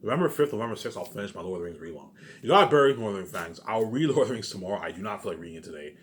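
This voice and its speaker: A man's voice: lowish voice, lively intonation, rapid-fire, a little hiss or hum. A man rambling through a casual monologue for his viewers, repeating himself often and swearing freely. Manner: rambling and repetitive, with frequent swearing. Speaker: vlogger.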